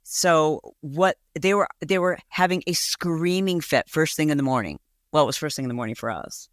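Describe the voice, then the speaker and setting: A woman's voice: low-pitched, normal speed, dry recording, studio quality. A woman hosting a podcast, telling a story in a casual, gossipy way and acting out voices in quotes. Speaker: podcast host.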